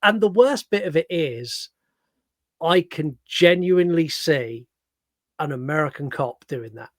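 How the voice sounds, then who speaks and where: A man's voice: fairly high pitch, measured pace, dry recording, clean studio sound. A man co-hosting a casual film review podcast, laughing and acting out scenes as he talks. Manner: animated, laughing, acts out scenes. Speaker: podcast co-host.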